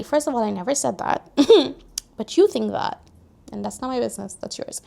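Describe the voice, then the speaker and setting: A young woman in her twenties vlogging casual life advice, animated and preachy, talking straight to her viewers. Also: on the high side, normal speed, gravelly. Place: New York, recording outdoors near street traffic.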